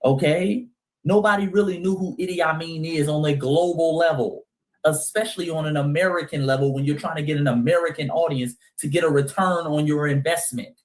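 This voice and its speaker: Male host, impassioned monologue, emphatic and direct, slightly raised pitch. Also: fairly quick. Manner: heated, emphatic, addresses listeners as family. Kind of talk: commentary monologue.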